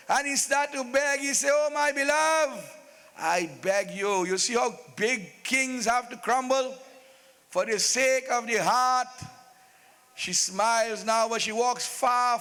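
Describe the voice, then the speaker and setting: A man's voice: very high voice, vocal fry, bright, forceful tone, clear, resonant tone, long reverb tail. A man narrating a religious folk play live, with playful, joking asides. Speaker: stage narrator.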